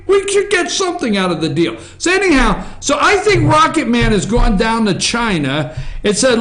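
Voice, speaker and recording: A man's voice: extremely high pitch, big pitch swings, normal speed, a bit bright. A man hosting an opinionated news talk show from an office, rambling and sarcastic, with asides to his crew. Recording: echoey room.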